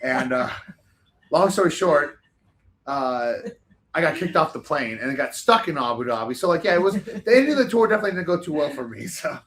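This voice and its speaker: A man's voice: on the high side, animated, brisk, a bit bright. A man as a podcast guest telling a long, rambling story in casual chat, swearing freely.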